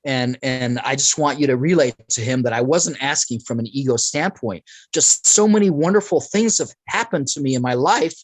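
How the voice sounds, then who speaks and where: A man talking as a guest, telling a long story in a rambling, animated way and jumping between tangents. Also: mid-range voice, moderate pace, few pauses, dry recording, low-quality recording. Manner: rambling, animated, acts out quoted speech. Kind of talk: casual storytelling in conversation.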